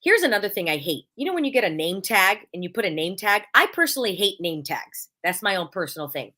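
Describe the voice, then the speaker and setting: A woman's voice: mid-range voice, very animated, fast talker, pushed and bright. A woman hosting a casual podcast chat, blunt and emphatic, acting out little quoted exchanges. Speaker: podcast host.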